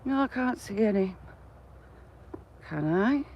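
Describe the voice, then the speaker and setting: Slow-talking woman chatting outdoors. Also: medium pitch, animated, a little mellow, highs cut off. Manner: chatty, laughs often, greets viewers by name. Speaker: vlogger. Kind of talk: casual live-stream chat while walking. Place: outdoors on a countryside path.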